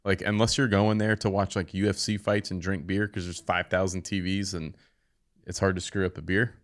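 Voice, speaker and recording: Chatting casually on his podcast, this man in his thirties recounts a story in a level tone, going a little fast. Whenever he quotes someone, he performs it with abrupt bursts of high pitch.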